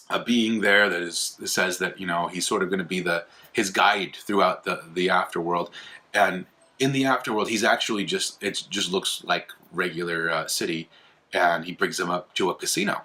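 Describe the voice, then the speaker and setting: A young man with a lowish but bright, forward voice talks casually to his viewers. He rambles, stops and restarts often, and fills the gaps with "uh" and "um". He gets animated when he retells a story. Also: moderate pace. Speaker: host of an apologetics video channel. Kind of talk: casual explainer monologue.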